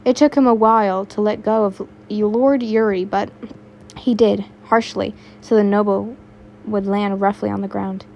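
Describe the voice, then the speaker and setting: A woman's voice: medium pitch, fairly even intonation, a little slow, gravelly, darkish tone, dull audio, a little hiss or hum. A young woman reading fan fiction aloud in a casual way, stumbling now and then and adding her own asides. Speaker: fanfiction reader.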